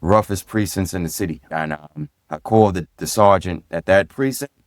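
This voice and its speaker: Easygoing New man, low and dry. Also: normal speed, no room sound. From Brooklyn, New York. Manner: easygoing and direct, animated when recounting dialogue. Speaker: guest, former police sergeant and DJ. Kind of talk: casual storytelling in a podcast interview.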